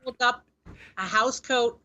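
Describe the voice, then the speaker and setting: A woman's voice: on the high side, huge pitch swings, unhurried, creaky, lo-fi sound, background noise. A woman co-hosting a casual chat, joking with dry, sarcastic humor. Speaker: podcast co-host.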